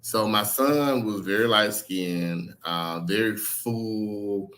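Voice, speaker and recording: A middle-aged author is interviewed and tells personal stories frankly and candidly, in a conversational way. His voice is on the low side and slow, and he's animated, acting out other people's words, swearing casually and laughing.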